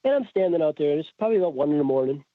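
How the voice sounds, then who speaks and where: A man's voice: on the high side, rapid-fire, no room sound. A man guest telling a story in casual chat, acting out quoted dialogue. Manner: animated, acts out quoted dialogue. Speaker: podcast guest. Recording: tinny phone-like remote call.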